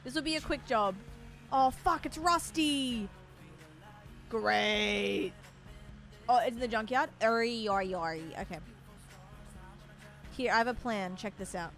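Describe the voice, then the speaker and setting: A woman's voice: fairly high pitch, a little slow, pauses often, fairly bright tone, faint music behind. Chatty woman streaming a game. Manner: chatty, self-mocking, swears casually. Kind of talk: casual gameplay commentary.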